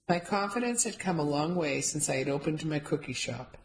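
Low-voiced woman reading an audiobook. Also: poor audio. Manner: steady, measured reading. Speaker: audiobook narrator. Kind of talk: first-person audiobook narration.

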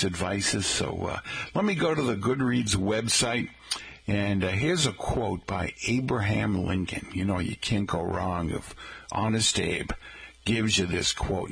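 A man's voice: lowish voice, gravelly, fairly bright tone, breathy edge. A man hosting a radio show in a casual, rambling, folksy way, chatting to his listeners with plenty of asides.

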